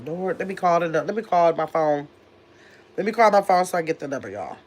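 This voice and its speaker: Over slight background noise, a livestream host speaks briskly in a lowish voice with lively intonation. She's recovering from illness, and she reads the live chat in a chatty, distracted way, addressing everyone as "y'all."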